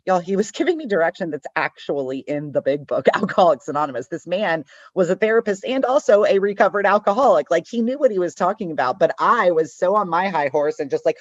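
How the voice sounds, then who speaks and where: Animated woman telling her story. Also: lowish voice, fast talker, few pauses, no echo, highs cut off. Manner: animated, acts out quoted voices. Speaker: guest sharing a recovery story. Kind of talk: conversational storytelling.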